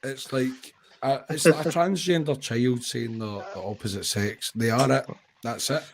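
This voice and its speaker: A man's voice: medium pitch, moderate pace, gravelly. A man in a casual stream chat, insistently pressing his point and swearing crudely.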